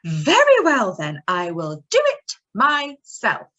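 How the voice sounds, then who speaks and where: A woman voicing an earnest little red hen in a children's storybook, speaking high, slow and emphatic. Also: huge pitch swings, fairly bright tone, dull audio, heavily acted. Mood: pleading, determined. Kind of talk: reading a children's story aloud.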